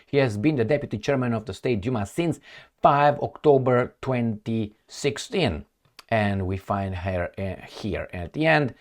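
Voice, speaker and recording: A man's voice: medium pitch, animated, measured pace. A middle-aged man giving off-the-cuff commentary while reading news articles aloud, sarcastic and rambling, with many fillers and restarts. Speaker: political commentator.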